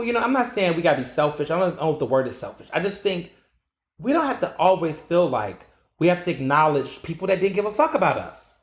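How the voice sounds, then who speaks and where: A man hosts his own podcast alone, telling stories with big, animated swings of pitch as he acts out his own reactions. His voice sits a little high for a man. The recording has a noticeable room echo. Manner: animated storytelling, acting out his own exclamations. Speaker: podcast host. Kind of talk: solo podcast commentary.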